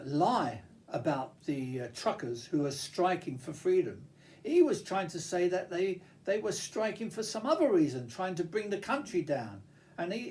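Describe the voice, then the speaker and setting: A man's voice: sits high, a little mellow. An older man talking to camera in a rambling personal monologue, reminiscing with frequent restarts and fillers. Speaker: vlogger.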